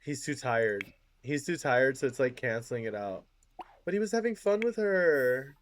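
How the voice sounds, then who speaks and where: A woman's voice: very deep voice, animated, moderate pace, slight background noise. A woman streamer giving casual, chatty gameplay commentary, reacting aloud and repeating phrases as she plays.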